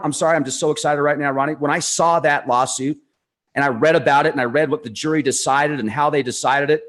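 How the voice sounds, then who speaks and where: A man co-hosting a casual talk show, excitable and sarcastic as he talks. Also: a little high, fast. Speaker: co-host.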